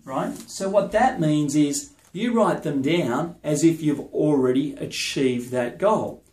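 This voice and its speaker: A man's voice: on the high side, slow, darkish tone, roomy sound. A man, a business and sales coach, gives an emphatic motivational talk to camera. He keeps checking in with the listener.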